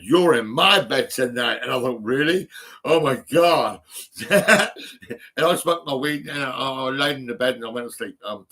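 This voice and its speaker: A man talks into his phone, rambling and restarting between ums. His voice is bright and forward, and he chuckles at his own stories as he goes. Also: medium pitch. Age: 50s. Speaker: vlogger. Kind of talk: rambling personal monologue.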